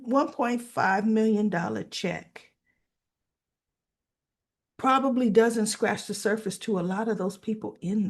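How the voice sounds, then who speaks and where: Slow-talking woman recapping a soap. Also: medium pitch. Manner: animated, acts out quoted lines, talks to viewers. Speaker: soap opera recap vlogger. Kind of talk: casual spoken recap.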